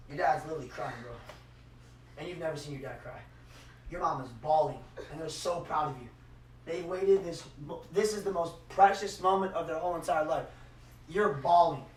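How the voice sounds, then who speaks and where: A man giving a motivational speech and leading a guided visualization, swinging between shouted hype and hushed emotional moments. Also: a little high, roomy sound, recorded from a distance, poor audio. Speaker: motivational speaker.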